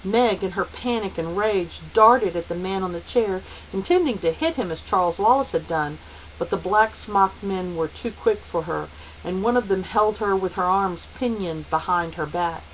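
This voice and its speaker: A woman narrating a novel aloud as an audiobook reader, steady and unhurried. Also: mid-range voice, highs cut off, a little hiss or hum. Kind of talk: storybook narration.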